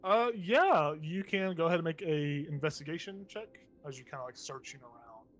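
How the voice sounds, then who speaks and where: A man's voice: on the high side, lively intonation, brisk. A man running a tabletop game as game master, narrating casually with lots of fillers and frequent laughter.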